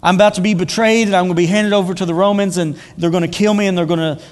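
Preacher voicing Jesus, man, plain conversational delivery, high-pitched, echoing hall. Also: steady tone, very fast, lightly acted. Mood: earnest. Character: Jesus, a grown man teaching his followers. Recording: long hall reverb.

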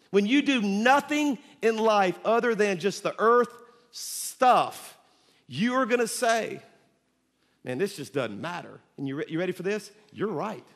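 A man preaching a sermon to his church, animated and emphatic, swinging from loud bursts to quiet, intimate lines. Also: sits high, long reverb tail. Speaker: pastor. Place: church sanctuary.

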